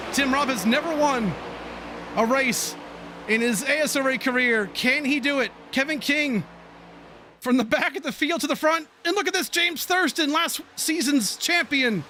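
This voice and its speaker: A man calling a motor race play-by-play, excitable and quick to exclaim. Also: very high-pitched, a little hiss or hum. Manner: excitable, shouting calls, laughing. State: out of breath. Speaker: play-by-play commentator.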